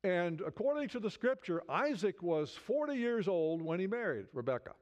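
A man with a high, sing-song, slightly mellow voice preaches at a moderate pace, captured in dull lo-fi audio. He speaks conversationally, stumbling over frequent restarts as he rises into fervent appeals.

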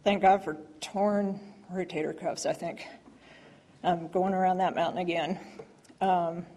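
A woman sharing a heartfelt personal testimony at church, rambling with many pauses and restarts. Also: lowish voice, steady tone, mellow. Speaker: church member giving testimony.

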